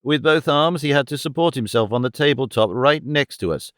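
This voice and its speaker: A man narrating a detective story in the first person, even and clear. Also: medium pitch, a little fast, no echo, clean studio sound. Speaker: audiobook narrator.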